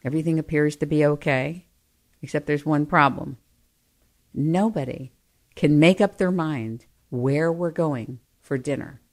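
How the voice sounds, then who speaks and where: A woman telling comic family stories in an animated, exaggerated way, often breaking into laughter. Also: low voice, unhurried. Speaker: storyteller. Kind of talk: comic personal storytelling.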